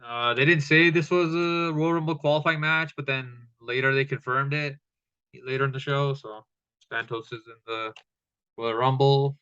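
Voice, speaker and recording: A man's voice: medium pitch, fairly even intonation, moderate pace, bright, forceful tone, smooth, lo-fi sound. A man giving a casual, profane recap of a wrestling show, with lots of fillers.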